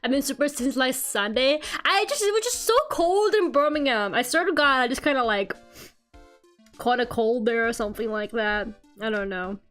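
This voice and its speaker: High-voiced giggly young woman streamer. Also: expressive, moderate pace, a bit bright, faint music behind. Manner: chatty, giggly, swears casually. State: sore throat from a cold. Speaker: VTuber streamer. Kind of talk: casual live-stream chat while drawing.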